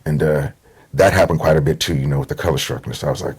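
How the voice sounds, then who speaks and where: A man's voice: extremely low pitch, fairly even intonation, fast, breathy edge. A middle-aged man from Portland, Oregon, telling stories as a guest in a casual conversation and acting out the voices of people he quotes. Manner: easygoing storyteller, acts out quotes.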